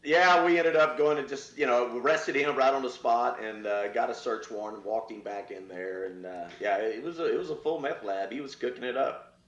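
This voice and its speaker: Older retired cop telling war stories. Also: male voice, medium pitch, normal speed. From Texas. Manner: animated storyteller, acts out voices. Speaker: retired police officer. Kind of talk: storytelling interview. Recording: roomy, slightly dull sound.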